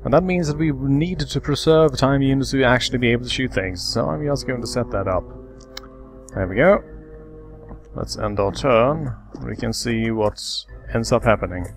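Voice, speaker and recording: A man of ordinary pitch hosts a let's play of a strategy game. He talks through each move and explains the mechanics step by step in a casual commentary tone. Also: moderate pace, soft background music.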